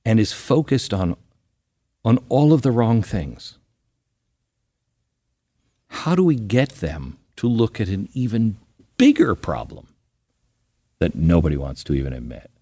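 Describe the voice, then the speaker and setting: A man's voice: fairly low pitch, warm tone. A man hosting a podcast interview, asking long, reflective questions. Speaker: podcast host.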